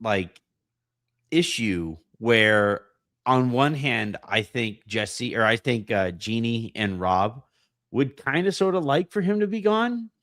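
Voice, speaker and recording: Hoarse podcast host with a dry sound. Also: male voice, medium pitch, expressive, slow pace, fairly bright tone, no room sound. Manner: rambling, self-deprecating, many fillers and restarts. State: hoarse, voice partly gone. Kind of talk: casual podcast chat.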